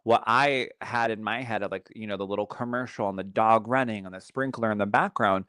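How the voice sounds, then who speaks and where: Male podcast co-host: smooth, clear mid-range voice, dry close sound, chatty and animated storytelling. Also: fairly low pitch, a little fast, no room sound. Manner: animated, chatty storytelling, reads viewer comments aloud. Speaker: psychic medium and co-host. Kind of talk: casual podcast chat.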